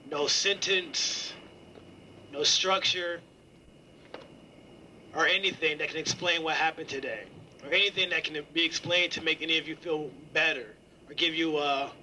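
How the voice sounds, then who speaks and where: Earnest young man, slightly high voice. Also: bright, forceful tone, slight background noise, rough recording. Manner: earnest, halting, with many ums and pauses. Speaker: student speaker at a campus gathering. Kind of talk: heartfelt spoken reflection.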